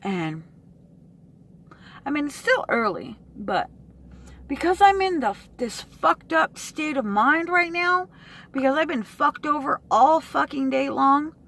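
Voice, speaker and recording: A woman vlogger venting to her camera, frustrated and swearing, with sighs and pauses. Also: high-pitched, expressive, a bit bright.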